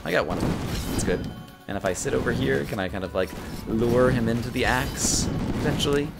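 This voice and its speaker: A man giving casual let's-play commentary, talking fast, tripping over his words and getting excitable, with game music behind him. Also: mid-range voice, gravelly. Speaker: gaming video host.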